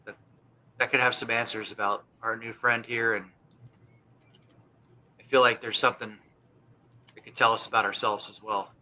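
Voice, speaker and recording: A man as a player in a tabletop game, speaking calmly and measured. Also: mid-range voice. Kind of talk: casual tabletop game chat.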